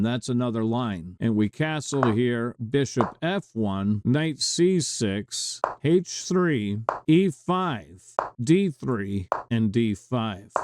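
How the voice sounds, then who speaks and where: A man's voice: mid-range voice, noisy background. A man coaching chess, walking through a classic game move by move with folksy asides and dry little jokes. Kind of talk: narrated chess game lesson.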